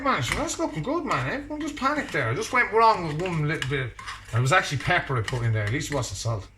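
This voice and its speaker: An Irishman vlogs from his home kitchen, cooking while he chats casually and trades jokes with someone off camera. His voice has a fairly high pitch. The sound is roomy over a noisy background.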